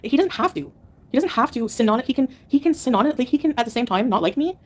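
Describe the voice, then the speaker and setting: A woman's voice: high voice, expressive, quick pace. A woman livestreamer answering her chat in a combative, sarcastic rant. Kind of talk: live-stream rant to chat.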